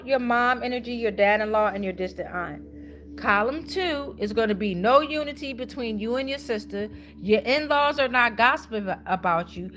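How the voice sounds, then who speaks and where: A tarot reader does a live-streamed reading, talking casually to viewers in chat with plenty of slang and swearing. Her voice is fairly high, pushed and bright, with faint music in the background.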